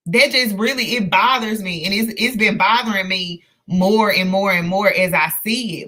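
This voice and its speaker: A woman hosting a live book discussion, earnest and emotional, talking in halting bursts full of fillers and restarts. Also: medium pitch, sharp tone. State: emotional, close to tears. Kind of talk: casual live-stream discussion.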